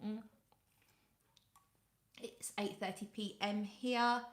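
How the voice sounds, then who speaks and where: A woman's voice: mid-range voice, fairly even intonation, slow pace, echoey room. A British woman hosting a casual fragrance live stream, greeting viewers by name and reading out their comments. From United Kingdom. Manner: coos softly when talking to her cat. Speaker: fragrance livestream host. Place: home room.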